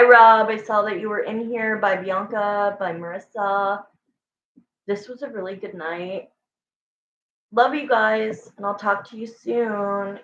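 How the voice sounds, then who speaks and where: A woman's voice: mid-range voice, fairly bright tone, slight background noise. A woman tarot reader chats with her livestream viewers in an emphatic, affectionate, rambling way, full of "like" and "you know". She talks unhurriedly, and her voice sits in an echoey room with a dull, lo-fi sound. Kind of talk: casual livestream chat with viewers.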